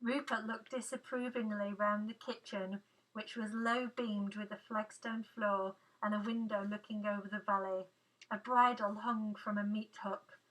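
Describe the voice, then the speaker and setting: A woman reading extracts of a novel aloud with a lively, expressive delivery. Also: mid-range voice. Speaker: reader. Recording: voice a little distant from the mic.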